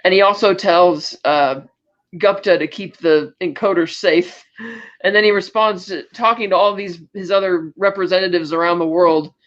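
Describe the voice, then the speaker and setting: A man's voice: sits high, steady tone, a bit bright, highs cut off. A man co-hosting a podcast, casually retelling film scenes and acting out the lines as he goes. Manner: retells scenes acting out quotes in quick asides. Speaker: podcast co-host.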